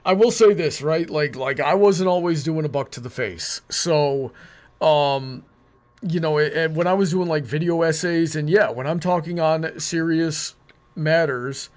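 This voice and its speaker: A man's voice: a little high, a little slow, darkish tone. Rambling man hosting a livestream. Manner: rambling, with many fillers and restarts. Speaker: livestream host. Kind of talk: casual chat.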